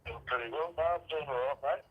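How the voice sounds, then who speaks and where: A man's voice: mid-range voice, fast, narrow, tinny audio. An Australian man from Brisbane calling in to a chat show, talking in crude, slangy larrikin style. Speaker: caller. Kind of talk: casual call-in chat.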